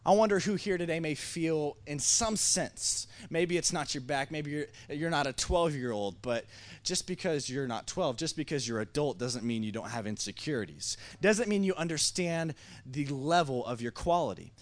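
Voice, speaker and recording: A man in his thirties from Missouri, preaching a sermon to a congregation as a lively storyteller who stumbles and restarts often. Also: a little high, normal speed. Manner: animated, acting out dialogue, many restarts. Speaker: pastor. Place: church service before a congregation.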